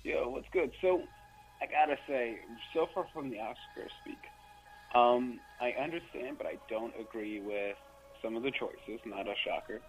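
A man's voice: medium pitch, moderate pace, faint music behind, poor audio. A man calling in to a talk show, giving his opinions in a hesitant, hedging way. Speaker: caller. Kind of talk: casual call-in chat. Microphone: phone.

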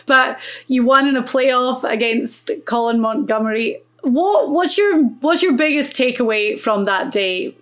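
Chatty woman with a higher voice. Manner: chatty, asks long rambling questions. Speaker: podcast co-host. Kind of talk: casual podcast chat.

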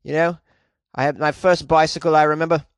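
A man's voice: on the high side, flat delivery, fairly quick, clear, resonant tone, dry recording, lightly acted. A man voicing a cheerful, self-satisfied prankster who rambles proudly about his antics. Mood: smug.

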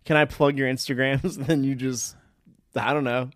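Relaxed man hosting a podcast, dry sound. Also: mid-range voice, moderate pace, dry recording. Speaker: podcast host. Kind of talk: casual chat.

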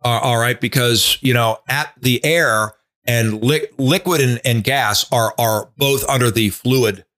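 A man's voice: medium pitch, a little slow, hardly any pauses, fairly bright tone. A man in his sixties, a retired TV weatherman, telling a casual, rambling story full of restarts and asides. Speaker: retired TV meteorologist, guest.

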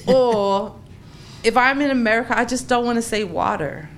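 A woman from England with a South London accent, a podcast guest telling animated stories in casual chat, often laughing. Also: medium pitch, moderate pace, over a noisy crowd. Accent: South London English. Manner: animated storytelling with frequent laughter.

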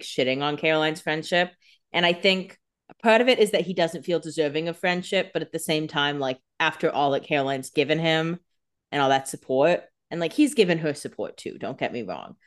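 Low-pitched woman co-host, casual and chatty, reacting to the scenes. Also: animated, a little fast. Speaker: podcast co-host. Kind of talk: casual recap chat.

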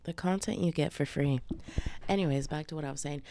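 A woman's voice: sits low, fairly quick, dark tone, slight background noise. A woman hosting her own podcast while sick with the flu, chatting casually in a slangy, profane way and calling her listeners babes. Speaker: podcast host. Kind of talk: casual solo podcast chat.

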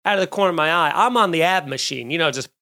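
High-voiced sarcastic man ranting solo. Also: fast talker. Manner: animated, sarcastic, jumps between loud bursts and mutters. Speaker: podcast host. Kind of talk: solo comedic monologue. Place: home studio, recording alone.

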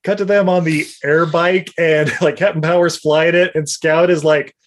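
A man's voice: fairly high pitch, fairly even intonation, normal speed. A man casually recapping an episode as a podcast co-host, rambling and laughing as he goes. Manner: rambling and laughing, with lots of fillers.

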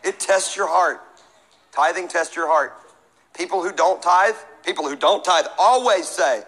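Man, middle-aged pastor, sermon, high voice, bright tone, joking call-and-response. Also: measured pace, low-quality recording. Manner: preaching with humor and call-and-response.

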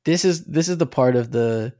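A man co-hosting a casual podcast, rambling about a video game with animated, swearing talk and many restarts. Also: mid-range voice, moderate pace, dry recording, studio quality. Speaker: podcast co-host.

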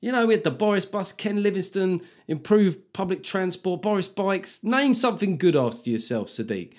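A man's voice: high voice, animated, normal speed, a little mellow. A man hosting his own comedy podcast in a sardonic, profane, rambling solo monologue.

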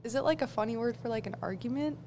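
A woman's voice: a little high, very fast, a little mellow. A woman, a podcast guest, chatting casually and guessing hesitantly between giggles. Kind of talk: casual chat.

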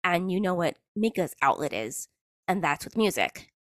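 Speaking at a normal speed in a lowish, very animated voice, a woman hosts a solo podcast in a loose, chatty style. She often halts mid-sentence and starts fresh, and the studio-quality audio has no echo.

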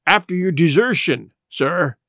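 A crafty, bluff one-legged pirate captain, as a man reads him out, hearty and wheedling in his salty sailor's speech. The voice swings up and down with a fairly high lift to it. The sound is close and dry. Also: animated, normal speed, a bit bright, no room sound. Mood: bargaining. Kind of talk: audiobook character reading.

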